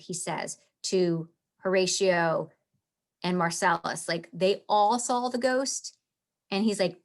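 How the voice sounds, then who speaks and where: A woman's voice: on the low side, steady tone, slow. Woman teaching a play, keen and chatty. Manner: enthusiastic, taps out meter aloud. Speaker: literature teacher. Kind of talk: casual lecture with read-aloud quotes.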